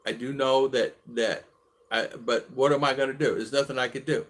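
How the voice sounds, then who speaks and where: A man's voice: mid-range voice, fairly even intonation, moderate pace. A man in his sixties casually telling a personal story on his vlog, rambling and restarting his sentences. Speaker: vlog host.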